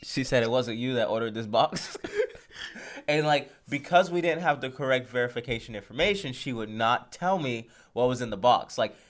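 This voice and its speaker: Male podcast host, casual storyteller who acts out the dialogue, average-pitched voice. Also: normal speed. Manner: animated retelling, acts out phone calls, laughs often.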